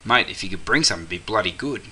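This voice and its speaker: A man's voice: lowish voice, expressive, racing, sharp tone, slightly rough, full character voice. A man playing a cheery Australian mate calling about a barbecue, with easygoing slangy chatter and an Australian accent. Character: cheery Aussie mate on the phone. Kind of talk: scripted comedy sketch.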